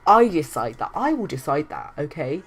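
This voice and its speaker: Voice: mid-range voice, expressive, moderate pace, natural voice. A player voicing an old-fashioned mother who dismisses her son. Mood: scolding. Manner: scolding and dismissive.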